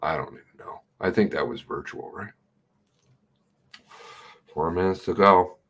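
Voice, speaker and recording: Low husky blunt male commentator. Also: measured pace, fairly bright tone. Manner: blunt, sarcastic, swears freely. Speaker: livestream commentator. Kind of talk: casual running commentary.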